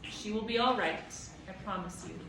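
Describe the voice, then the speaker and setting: A woman's voice: mid-range voice, moderate pace, far from the mic, background noise, lightly acted. A woman voicing a tall, stern, officious male Proc creature who snaps and then turns grave and firm, in an echoey room away from the mic.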